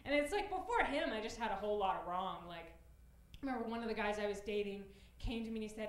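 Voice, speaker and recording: A woman in her late twenties performing a stand-up comedy set, self-deprecating and given to loud excited bursts. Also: medium pitch, quick pace. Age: late 20s. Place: comedy club stage before a live audience. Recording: roomy club sound, audience laughter.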